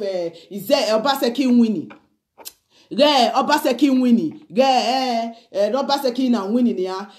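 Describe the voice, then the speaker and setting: A Nigerian woman with a high voice speaks straight to the camera in a casual video message. She pleads earnestly and switches freely between English and Pidgin. She keeps checking in with "okay?" and "you understand?". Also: darkish tone. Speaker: vlogger sending a video message. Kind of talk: casual spoken appeal to the camera.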